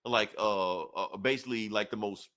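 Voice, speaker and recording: Man, fairly low voice, casual comic review chat, animated plot retelling, quoted character voices. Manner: animated retelling that acts out characters' lines in quick quoted snippets. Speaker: podcast co-host reviewing comics.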